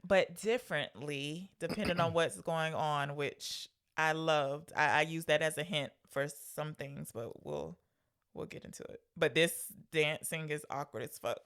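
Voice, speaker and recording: A woman co-hosting a podcast, chatting about a film, laughing often and firing off quick questions. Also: low voice, a bit bright. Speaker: podcast co-host. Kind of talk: casual movie discussion.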